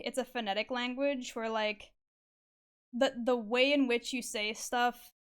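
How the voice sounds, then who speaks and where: Young woman streamer, smooth voice, a bit high-pitched, chatty and sweary. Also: fairly bright tone. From Canada. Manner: chatty, filler-heavy, swears, laughs often. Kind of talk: casual chat while drawing on stream.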